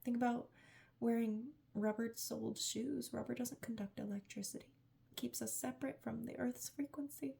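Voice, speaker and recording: Woman, tired and emotional, affectionate channeled message, husky, dark tone. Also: fairly high pitch, fairly even intonation, moderate pace. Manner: gushing, affectionate, laughs often, soft whispery asides. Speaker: tarot reader and channeler. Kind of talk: spiritual channeled message to viewers.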